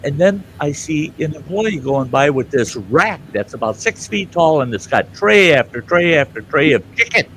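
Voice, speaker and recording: An older man spinning a story in casual chat, his voice swooping up and down as he goes. He gets loud and jumps high into outraged quoted voices, and his pitch sits a bit higher than most men's. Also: animated, moderate pace, few pauses, a little hiss or hum. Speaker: show host telling a story.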